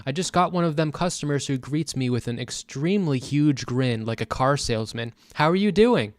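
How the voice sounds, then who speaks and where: A man's voice: medium pitch, a little fast, dry recording, clean studio sound. A man streaming, chatting casually in a profane, ranting way. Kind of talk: casual chat.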